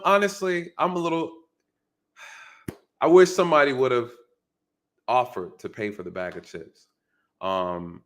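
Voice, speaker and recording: A man's voice: mid-range voice, fairly bright tone. Guy breaking down a news clip for his viewers, casual, keeps asking right?, mid-range voice. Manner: emphatic, repeats "right?" and "you guys", rhetorical questions. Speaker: commentator on news clips.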